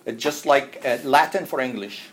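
A man's voice: mid-range voice, moderate pace, fairly bright tone, slight background noise. A man giving an informal Arabic lesson at home, patiently explaining and repeating phrases step by step.

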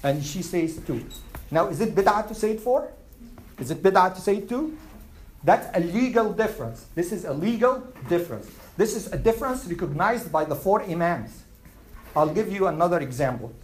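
A man's voice: high-pitched, expressive, normal speed, low-quality recording. A man teaching a religious class in a conversational way, often putting questions to the room and repeating them. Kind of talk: classroom lecture.

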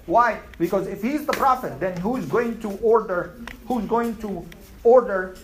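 A man's voice: high-pitched, unhurried, a bit bright, reverberant, a little hiss or hum, rough recording. A man teaching a class, asking questions and summarizing points in numbered lists. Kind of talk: classroom Q&A lesson.

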